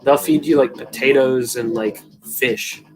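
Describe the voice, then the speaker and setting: A man's voice: medium pitch, fairly even intonation, unhurried, a crowd in the background, rough recording. A young man hosting a live stream, rambling casually to viewers and swearing freely while he drinks a beer. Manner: rambling, profane, self-deprecating, chatting to viewers. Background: music playing.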